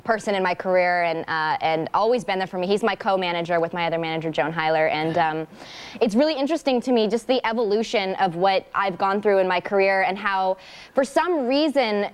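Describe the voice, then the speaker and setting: A woman's voice: mid-range voice, brisk, clear, resonant tone. A young woman chatting as a talk show guest, telling anecdotes with giggles and fillers. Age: young adult. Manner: lively storytelling with giggles and fillers. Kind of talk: casual chat.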